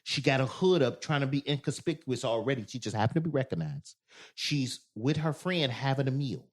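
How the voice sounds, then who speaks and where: A man co-hosting a podcast in casual chat, telling animated stories and loudly acting out quoted lines. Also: medium pitch, a little fast. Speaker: podcast co-host.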